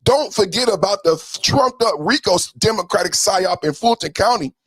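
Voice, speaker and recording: A man hosting a podcast, giving a fiery, profane political commentary rant with mocking jabs and bursts of shouting. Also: sits high, lively intonation, normal speed, slightly rough, no room sound, rough recording. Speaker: podcast host.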